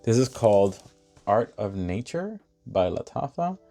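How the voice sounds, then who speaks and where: A man chatting casually while unboxing and reviewing fragrances, animated and thinking aloud with lots of fillers. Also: lowish voice, unhurried, vocal fry, faint music behind.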